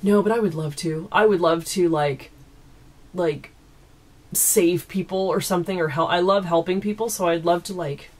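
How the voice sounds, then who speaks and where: A woman's voice: on the low side, moderate pace, a little mellow. A woman from East Coast Canada, chatting casually and giggling as she answers viewer questions at home into a camera mic. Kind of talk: casual Q&A chat.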